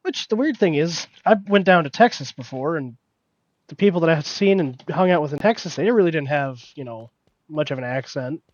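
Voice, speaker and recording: A man's voice: fairly high pitch, expressive, fairly quick, no echo. A man from Illinois teasing and joking through a casual gaming chat, on a dull lo-fi mic. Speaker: co-host gamer.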